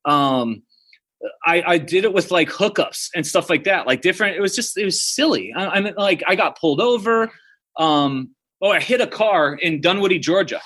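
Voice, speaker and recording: His voice sits high, with lively intonation, a normal speed and a fairly bright tone. He's an American podcast guest in his thirties, casually telling personal stories and dropping "dude" and "like" often.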